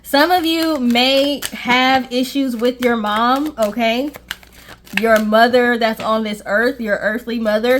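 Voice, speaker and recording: A woman's voice: mid-range voice, slight background noise. A woman giving a casual tarot reading to viewers, reassuring and checking in with "okay?" often. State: briefly out of breath. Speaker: tarot reader.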